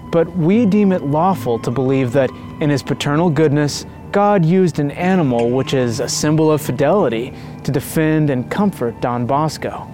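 A man giving measured, reverent scripted narration of a devotional story. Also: on the high side, darkish tone.

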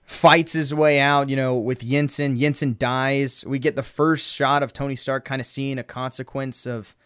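A man's voice: mid-range voice, flat delivery, moderate pace, fairly bright tone, smooth. A man co-hosting a podcast, chatting casually about favorite movie scenes, laughing often and acting out lines. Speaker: podcast co-host.

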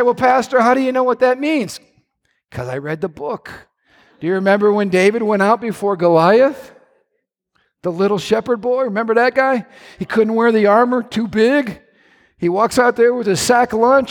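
A male pastor preaching a sermon, swinging between low, quiet asides and loud, shouted lines. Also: long reverb tail.

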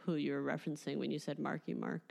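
Very low, gravelly woman interviewer. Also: level tone, fast, darkish tone. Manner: chatty, lots of 'like'. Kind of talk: casual conversation.

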